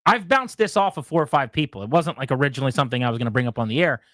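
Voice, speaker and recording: Male sports-radio host, animated storyteller, dry close mic. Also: racing, dry recording. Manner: animated storytelling, mimics others in a loud high voice. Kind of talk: casual radio talk.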